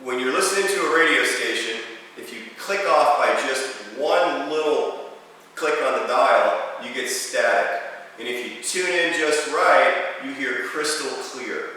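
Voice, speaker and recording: A man shares his own story in a plain-spoken, heartfelt way. His voice is bright and forceful. It is picked up from far off in a large hall with a long, booming echo. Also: a little slow. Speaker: motivational speaker. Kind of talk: personal testimony storytelling.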